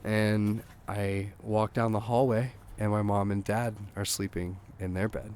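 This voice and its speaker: A man, a songwriter guest, telling a rambling anecdote in a casual, animated way, swearing and acting out what people said. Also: on the low side, a little slow, a little hiss or hum. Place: outdoors.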